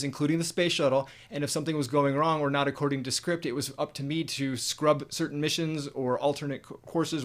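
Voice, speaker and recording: A man in his thirties co-hosting a casual live chat, telling wry, rambling stories. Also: on the high side. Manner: wry, joking, rambling storyteller. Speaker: co-host.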